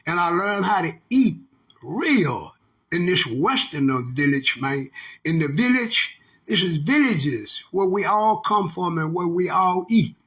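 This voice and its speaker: Older man with a drawl, high husky voice, profane preachy rant. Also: expressive, a little slow, fairly bright tone. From Texas. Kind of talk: casual monologue rant.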